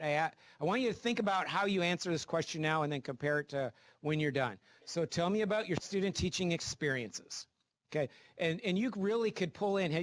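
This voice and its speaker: A man's voice: fairly high pitch, no echo. A man teaching a class of future teachers, coaching them through interview practice and often checking in with "right?". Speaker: teacher educator. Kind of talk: classroom instruction. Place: classroom with students.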